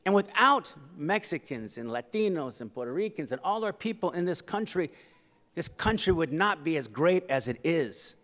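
A man's voice: high-pitched, moderate pace. A middle-aged man giving a humorous keynote speech at a conference, telling personal stories and acting out quoted voices. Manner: animated, acts out quoted voices for laughs. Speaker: keynote speaker. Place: conference hall. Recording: reverberant hall.

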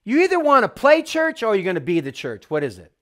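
A man's voice: high-pitched, huge pitch swings, fast talker, a bit bright. A man preaching a sermon as a home church teacher, fervent and emphatic, driving his points home with repeated refrains.

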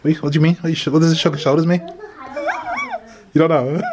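A man's voice: fairly high pitch, flat delivery, quick pace, background noise. A British man vlogging with his family, teasing and joking on a handheld camera. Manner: teasing, jokey, bantering. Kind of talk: casual family vlog.

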